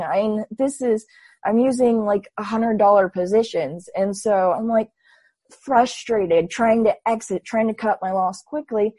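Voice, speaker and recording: A woman in her twenties, a guest telling her story in a casual, animated way and acting out her own past thoughts. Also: medium pitch, moderate pace, dry recording. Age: 20s. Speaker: interview guest.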